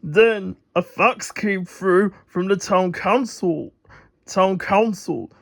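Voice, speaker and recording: Guy reading a kids' book out loud, slow and easy, trips on words sometimes. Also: high-pitched, fairly even intonation. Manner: unhurried, occasional stumbles. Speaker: storybook reader. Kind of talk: reading a children's book aloud.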